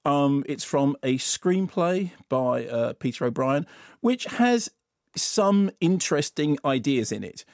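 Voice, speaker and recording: A man reviewing films on a radio show, telling the plot in an animated, wandering way from a studio microphone. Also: on the high side, slow pace, no room sound. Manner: animated, tangential, slips into comic voices. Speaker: film critic. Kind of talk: radio film review chat.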